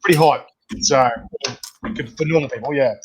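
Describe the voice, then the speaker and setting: A man hosting a casual interview, chatty and quick to laugh. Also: medium pitch, slightly rough. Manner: chatty, laughs often, acts out quoted voices. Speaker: podcast host. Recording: slightly dull, lo-fi sound.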